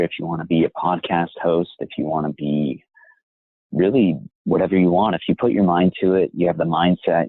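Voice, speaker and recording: A young man, a voice actor, talking in a measured, reflective and encouraging way as an interview guest. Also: low-pitched, slightly rough, dry recording. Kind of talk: interview conversation. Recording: tinny phone-like line.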